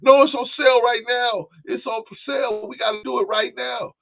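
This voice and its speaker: An eager, insistent wife, as a man puts her on, pleads to buy something immediately, her voice jumping high and loud. She repeats herself in a rush. Everything comes through a thin, phone-like line. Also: fairly even intonation, brisk, gravelly. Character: excited wife eager to buy a sale item.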